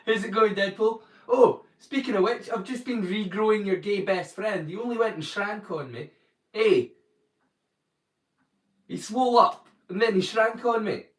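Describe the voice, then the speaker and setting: This is a high-pitched male voice at a measured pace, captured on a distant mic with a reverberant sound. He's a livestream watchalong host from northeast Scotland with a Doric accent, casually joking with viewers and greeting them by name.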